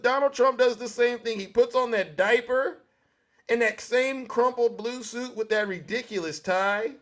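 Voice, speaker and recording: A man with a notably high-pitched voice hosts his show, delivering a scornful monologue. He keeps firing rhetorical questions straight at his listeners. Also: a bit bright. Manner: mocking, rhetorical questions to the audience. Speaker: show host.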